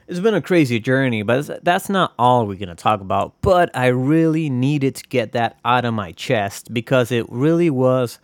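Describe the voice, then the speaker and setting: A man's voice: mid-range voice, no room sound. Rambling, swearing male podcaster. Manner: rambling, swears a lot, jokey asides. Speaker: podcast host. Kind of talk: casual solo podcast monologue.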